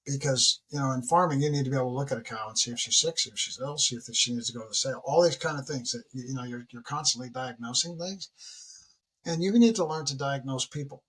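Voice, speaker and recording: A man of about sixty, a retired military leader, talking as a podcast guest in a lively, storytelling way, often acting out what people say. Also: fast, breathy edge. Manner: animated storyteller who acts out dialogue with big pitch jumps. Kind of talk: casual interview conversation.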